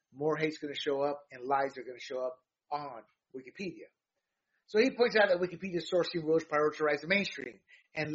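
A man's voice: fairly high pitch, fairly bright tone, breathy edge, highs cut off. A man hosting a news rundown show, delivering emphatic opinionated commentary that rambles with fillers and restarts.

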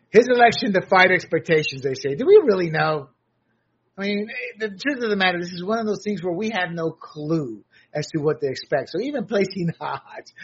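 A man's voice: a little high, breathy edge, lo-fi sound. An American man giving blunt, sarcastic solo commentary, often restarting his sentences. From United States.

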